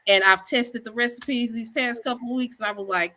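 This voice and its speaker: A woman chef and business owner from Texas, telling her story in a chatty, animated way on a video call. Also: fairly high pitch, fairly quick, few pauses, low-quality recording. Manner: animated, acts out quotes in a chatty Southern style. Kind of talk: casual storytelling interview.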